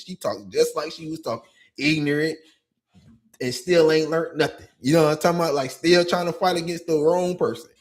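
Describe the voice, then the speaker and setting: A man hosting a podcast and talking casually as a youth coach. He vents in an animated way and keeps asking "you know what I'm saying.". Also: fairly high pitch. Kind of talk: casual monologue.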